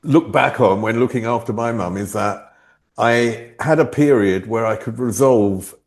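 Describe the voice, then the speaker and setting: A man interviewing a guest, asking gentle, thoughtful questions. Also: medium pitch, unhurried. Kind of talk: casual chat.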